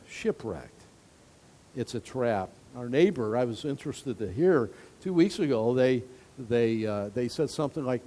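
A man's voice: a little high, darkish tone. A male pastor giving a conversational sermon to his congregation, mixing Bible quotes with personal stories and light laughter. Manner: conversational preaching with asides and laughs.

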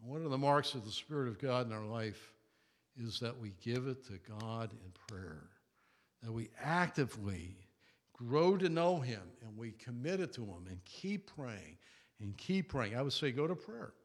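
A man preaching a sermon in an animated way. He repeats key words for emphasis and chuckles often. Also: mid-range voice, normal speed. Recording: long reverb of a large hall.

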